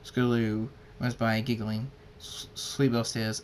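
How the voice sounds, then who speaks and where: A man reading a fan story aloud at a middle pitch, stumbling over words and restarting lines now and then. A faint low rumble runs under his voice. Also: completely flat delivery. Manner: halting, with slips and restarts. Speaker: fan fiction reader.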